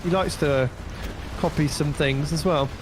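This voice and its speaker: A man co-casting a strategy game tournament, talking in a relaxed, somewhat hesitant way and laughing along. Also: fairly high pitch, measured pace, background noise. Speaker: co-caster. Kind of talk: casual esports commentary.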